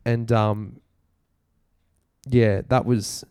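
A young Australian man casually retelling a story to friends, laughing and animated. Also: lowish voice, very slow, clear, resonant tone, no room sound, studio quality.

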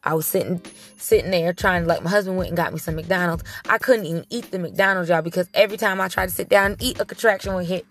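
A woman's voice: lowish voice, fast, soft background music. A young adult woman telling her viewers a story in a casual, emphatic way, talking straight to them. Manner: emphatic and animated, talks straight to the audience.

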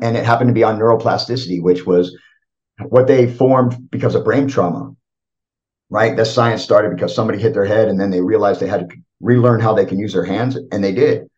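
A man's voice: fairly low pitch, a little mellow. A middle-aged man talking casually as a podcast guest, rambling with lots of fillers and frequent "right?" checks. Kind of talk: casual reflective talk. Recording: dull lo-fi audio.

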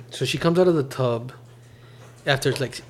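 A man hosting a casual chat at home, talking in an animated, rambling way with many restarts. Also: medium pitch, measured pace, creaky, a little hiss or hum. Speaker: podcast host. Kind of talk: casual chat reviewing a TV series.

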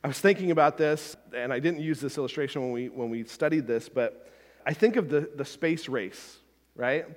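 A man's voice: a little high, normal speed, in a large hall. A man preaching a sermon as a pastor, talking conversationally with frequent asides and restarts.

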